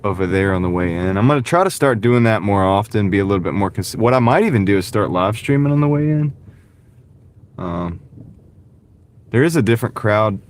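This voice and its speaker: There's slight background noise behind this man's fairly low voice. He's a delivery driver from the American South with a light accent, casually livestreaming from his car while driving, rambling and answering viewers, recorded on a wireless clip-on mic.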